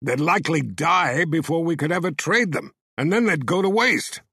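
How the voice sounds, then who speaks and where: A man voicing a gruff, predatory male captor who argues in a heated voice. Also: a little high, very animated, normal speed, fairly bright tone, no room sound, studio quality, exaggerated voice. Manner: heated, arguing.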